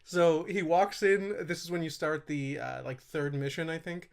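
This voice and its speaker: Relaxed male podcaster retelling game scenes. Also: fairly high pitch, moderate pace, creaky, clean tone. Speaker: podcast co-host. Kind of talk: casual gaming chat.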